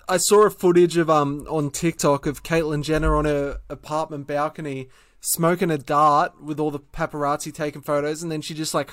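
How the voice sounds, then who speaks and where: Australian comedy podcast co-host, sardonic and sweary, slightly high voice, dry close sound. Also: male voice, dry recording. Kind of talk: casual comedic chat.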